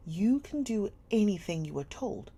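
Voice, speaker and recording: A woman's voice: medium pitch, big pitch swings, normal speed, voice pushed up. A woman doing a cold, stern schoolmistress. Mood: commanding. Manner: stern, sharp, scolding. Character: cold domineering schoolmistress, middle-aged woman.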